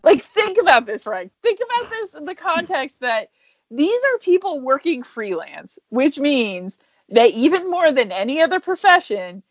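A young woman co-hosts a podcast, chatting casually and animatedly, laughing often and acting out quoted voices. Her voice sits high with big pitch swings at a moderate pace, and the home podcast audio is dull and dry with no room sound.

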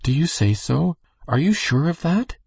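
A man's voice: fairly low pitch, moderate pace, creaky, darkish tone, slightly rough, no echo. A man reading as a kind, anxious minister's wife.

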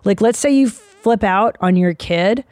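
A woman in her forties hosts a casual comedy chat. She talks bluntly and with lots of swearing, in an animated way. Her voice sounds dry and close to the mic. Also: mid-range voice, measured pace, no room sound. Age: 40s. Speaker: podcast host.

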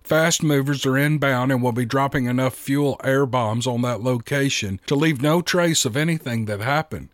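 A man's voice: mid-range voice, normal speed, few pauses, no room sound, clean studio sound, lightly acted. A man doing a stern male official. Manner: clipped, commanding.

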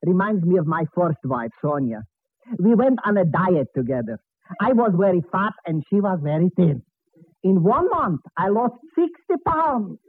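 A flute player. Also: male voice, high-pitched, very animated, moderate pace, slightly rough, heavily acted. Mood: comic. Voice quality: broken English, joke-telling. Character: Mister Potchnick, excitable immigrant flute player, middle-aged man. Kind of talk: 1940s radio sitcom acting. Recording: tinny old radio broadcast with hiss.

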